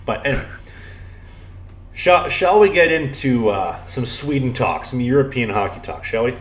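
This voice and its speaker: A man's voice: mid-range voice, big pitch swings, moderate pace. A young man, a podcast co-host and pro hockey goalie, telling rambling stories in casual chat, full of "you know" and restarts.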